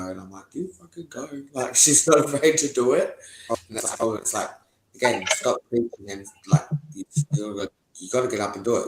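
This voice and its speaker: In an echoey room, a young man with a medium-pitched voice gives a candid, rambling interview testimony, swearing often and laughing between thoughts. The recording carries a slight hiss or hum.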